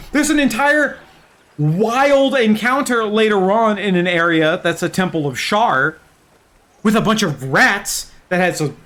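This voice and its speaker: A young man telling game stories in a casual, excited and profane way as a streamer. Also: sits high. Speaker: gaming streamer. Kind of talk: casual chat.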